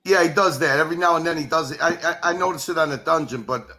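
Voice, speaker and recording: A man's voice: on the high side, fast, pushed and bright. A man chatting casually on a livestream in an easygoing way.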